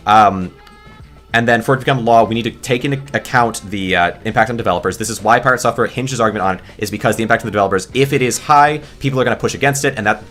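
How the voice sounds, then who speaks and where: A man's voice: on the low side, fairly bright tone. A man creating gaming videos, ranting off the cuff in a rambling, exasperated way, full of restarts and fillers. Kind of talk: off-the-cuff commentary rant.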